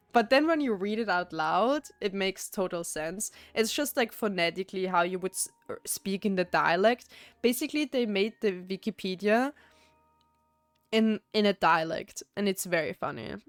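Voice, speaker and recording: A woman's voice: mid-range voice, animated, moderate pace, dry recording, soft background music. A young woman with an Austrian German accent, chatting casually on a live stream, rambling with restarts and frequent giggles.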